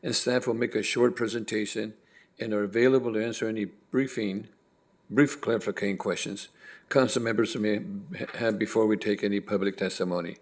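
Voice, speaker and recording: A man's voice: on the low side, fairly even intonation, brisk. A man chairing a city council meeting from a dais microphone, reading procedure with a slightly stumbling delivery. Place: council chamber.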